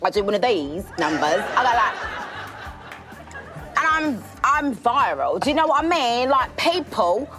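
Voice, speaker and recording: Woman doing a chatty cockney lady, high and swingy, big crowd noise behind. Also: very animated, a little slow, over loud music. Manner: rambling, chatty asides. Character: chatty posh London woman, impression.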